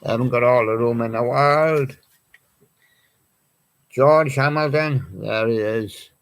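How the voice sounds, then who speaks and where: A man's voice: medium pitch, steady tone, moderate pace. A man hosting a live music show, chatting in a rambling way and reading out song titles from his records. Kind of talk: live-stream chat presenting records.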